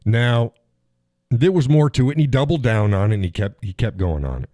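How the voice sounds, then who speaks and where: A man's voice: medium pitch, brisk, dark tone, no room sound, clean studio sound. A man hosting a casual livestream, rambling and chuckling as he answers viewers in the chat. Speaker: live stream host.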